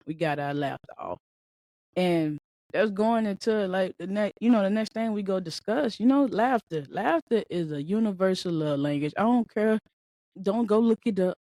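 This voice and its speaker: A woman hosting a podcast in a casual, slangy monologue, talking in an animated way and laughing often. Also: mid-range voice, no room sound. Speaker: podcast host.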